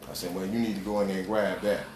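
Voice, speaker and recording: In a low, level voice, a man relates a long, wandering story during casual conversation, full of street slang and acted-out dialogue. His speech is halting, with many fillers and restarts. The recording has echo and background noise.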